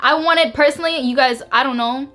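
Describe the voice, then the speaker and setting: A woman's voice: sits high, a little fast, pushed and bright, soft background music. A young woman YouTuber telling an emotional storytime to camera, bubbly and emphatic, repeating words and saying "like" a lot.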